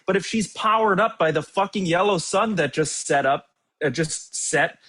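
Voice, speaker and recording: A man's voice: high-pitched, moderate pace, a bit bright. A young man co-hosting a movie review show, mocking and sarcastic, swearing often in casual chat. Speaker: co-host.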